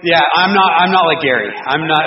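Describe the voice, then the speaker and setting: A man's voice: fairly high pitch, fairly quick. A man teaching a casual Bible study to a group of men, rambling with restarts, joking and chuckling as he goes. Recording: roomy distant dull recording with faint noise.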